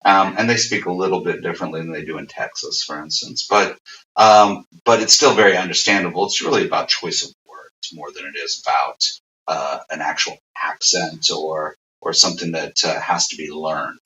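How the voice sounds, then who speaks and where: A man's voice: a bass voice, moderate pace, pushed and bright. An American man answering interview questions casually, rambling with many fillers and restarts. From USA. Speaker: interview guest. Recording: roomy, distant, dull audio.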